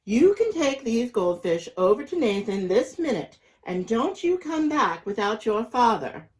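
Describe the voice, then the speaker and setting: A man voicing a busy, stern mother who talks in a brisk, scolding way in a storybook reading. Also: very high voice, big pitch swings, voice pushed up, heavily acted.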